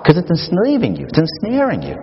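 A man's voice: on the high side, fairly quick, vocal fry. Emphatic male pastor in an echoey hall. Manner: animated, emphatic, vivid storytelling. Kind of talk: sermon. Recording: echoey hall, dull, faint hiss.

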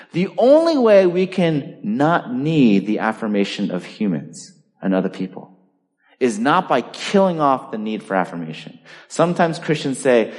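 Animated male pastor preaching in a hall. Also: medium pitch, moderate pace. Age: middle-aged. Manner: animated, emphatic preaching with rhetorical questions. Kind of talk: sermon. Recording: reverberant hall.

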